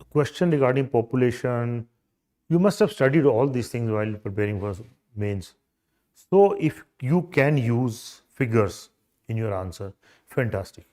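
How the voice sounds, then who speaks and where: A man's voice: mid-range voice, sing-song, a little slow, pauses often, darkish tone. A man in his sixties with an Indian accent, giving an emphatic, demonstrative coaching lecture on interview skills.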